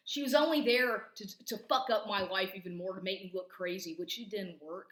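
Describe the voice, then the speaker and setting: A woman's voice: medium pitch, brisk, hardly any pauses, fairly bright tone, echoey room. A woman venting in an angry, rambling personal rant, swearing constantly. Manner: profane, rambling, agitated. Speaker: vlogger.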